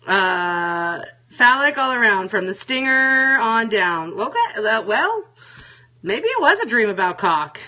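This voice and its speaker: A woman's voice: fairly high pitch, very animated, moderate pace, bright, forceful tone. A woman hosting a casual solo talk show, frank and chatty, swearing freely and reading viewer comments aloud. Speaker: show host.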